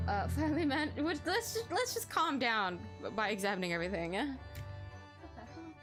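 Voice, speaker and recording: A woman playing a story game, reading lines aloud and reacting with loud laughter. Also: high-pitched, moderate pace. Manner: excitable, laughs and squeals a lot. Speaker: gaming streamer. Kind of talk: let's play commentary with read-out dialogue. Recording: game music under the voice.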